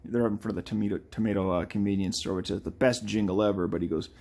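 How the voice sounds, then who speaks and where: A man's voice: fairly low pitch, steady tone, quick pace, gravelly, darkish tone. A man chatting casually and animatedly while drawing, often slipping into playful impressions of game characters. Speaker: artist streaming a live drawing session.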